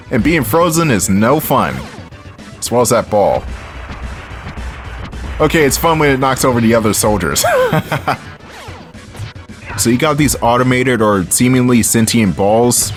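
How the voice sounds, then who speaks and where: A man giving casual, sarcastic gameplay commentary, often laughing at his own jokes. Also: mid-range voice. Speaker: let's play commentator.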